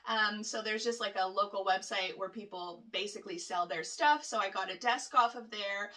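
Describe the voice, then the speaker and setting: A woman's voice: medium pitch, normal speed, pushed and bright, distant mic. A woman in her thirties, a nail technician, chatting casually to camera from her home nail studio, rambling with lots of fillers and laughs. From Canada.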